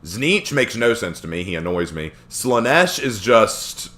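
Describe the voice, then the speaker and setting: A man streaming live, reading and answering chat questions in a rambling, animated way with frequent fillers. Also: fairly low pitch, a little slow.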